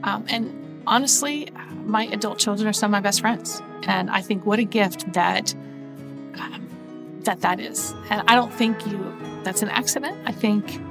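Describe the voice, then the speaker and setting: A middle-aged woman on a panel, explaining her view in a reflective, steady way. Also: mid-range voice, moderate pace, vocal fry, over music. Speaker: panel guest. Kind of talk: panel conversation.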